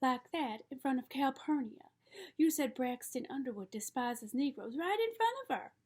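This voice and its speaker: A woman's voice: high-pitched, animated, moderate pace, a little mellow, breathy edge. A woman reading the part of a stern, disapproving older aunt who speaks in a prim, scolding way.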